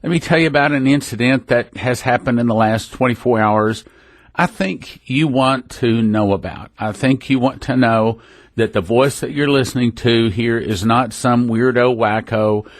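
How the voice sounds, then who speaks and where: Man, radio ministry host, folksy, rambling, mid-pitched voice, dry close mic. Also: dry recording. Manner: folksy, rambling, self-interrupting. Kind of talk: casual religious radio talk. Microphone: studio microphone.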